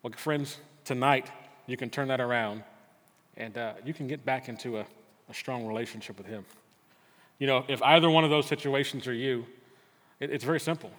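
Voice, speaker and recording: A middle-aged pastor preaching in a church, his voice carrying a long hall reverb. He is earnest and storytelling, often restarting his words, and his pitch sits in an ordinary male range. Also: brisk, pauses often, fairly bright tone. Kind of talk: sermon with personal story. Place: church sanctuary.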